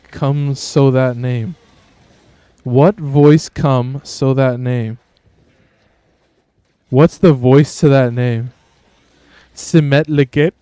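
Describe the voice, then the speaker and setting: A man hosting a game stream, chatting in a laid-back way with bursts of excitement. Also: medium pitch, clear, resonant tone, no echo. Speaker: streamer host. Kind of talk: gameplay commentary.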